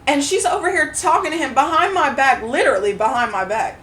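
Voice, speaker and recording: A woman co-hosting a podcast, telling a story in a casual, animated way, swearing freely and acting out what others said. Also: high voice, fairly quick. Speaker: podcast co-host. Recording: roomy echo, mic at a distance, faint noise.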